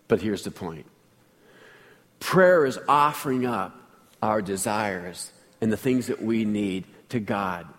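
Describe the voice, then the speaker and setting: A man's voice: fairly low pitch, long reverb tail. A man preaching a sermon as pastor, telling a personal story in a chatty way and asking the congregation questions.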